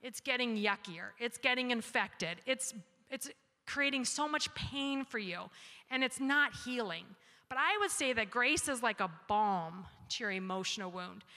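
A woman in her forties giving a talk with slides, telling parenting stories and acting out her children's lines in an animated way. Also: fairly high pitch, unhurried, long reverb tail. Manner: animated storyteller, acts out her kids' voices. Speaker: speaker giving a talk on grace.

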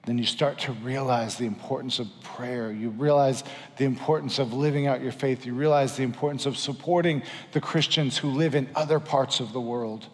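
A man's voice: medium pitch, steady tone, normal speed, in a large hall. A man preaching a sermon as pastor, earnest and exhorting, repeating lines for emphasis.

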